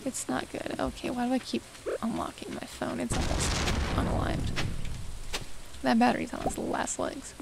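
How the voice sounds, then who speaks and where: A woman's voice: a little high, moderate pace, creaky. A young woman streamer rambling through casual game commentary, self-mocking and chatty as she talks to herself. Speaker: gaming streamer. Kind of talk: casual let's-play commentary. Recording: steady background noise.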